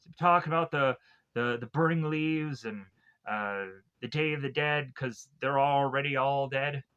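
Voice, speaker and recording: A man's voice: medium pitch, a little slow, a bit bright, smooth, dull audio. A young man casually recapping a film scene by scene, rambling and joking, laughing at his own gags and slipping into silly voices for the characters. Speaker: movie reviewer. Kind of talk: casual comedic recap with goofy quoted asides.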